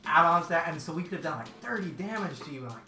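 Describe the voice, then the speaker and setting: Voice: mid-range voice, expressive, rapid-fire, sharp tone. Rambling tabletop player, echoey room. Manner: rambling, hedging with fillers. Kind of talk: casual tabletop play chat. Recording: roomy echo with background music.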